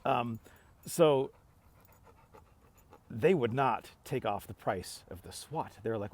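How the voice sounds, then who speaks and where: A middle-aged man talks straight to camera in a loose, rambling vlog style. His voice sits a little low, and he stumbles through restarts while acting out both sides of a back-and-forth with plain exasperation. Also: expressive, a little slow, darkish tone. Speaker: vlogger. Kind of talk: casual talking-to-camera rant.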